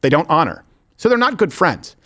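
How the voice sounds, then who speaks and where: A man's voice: fairly high pitch, big pitch swings, a little fast, a bit bright. A man hosting a political commentary show, talking emphatically and sarcastically, repeating his points for effect. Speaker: show host.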